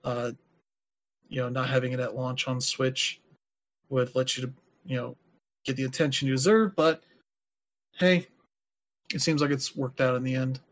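A man talks loosely on a podcast, filling pauses with plenty of "uh" and "you know." His voice sits at an ordinary middle pitch. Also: steady tone. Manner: rambling, many filler words. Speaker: podcast host. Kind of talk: casual chat.

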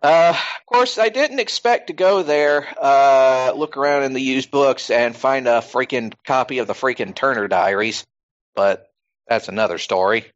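A man's voice: mid-range voice, normal speed, dull audio. A man hosting a podcast in casual chat, rambling with plenty of fillers. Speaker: podcast host.

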